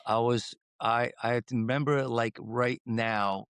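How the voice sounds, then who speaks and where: A man from Croatia, a guest in a casual interview who tells rambling stories with lively swings in his voice. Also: a little slow, smooth, dry recording. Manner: animated, rambling, acts out quotes with swings in pitch. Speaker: guest singer.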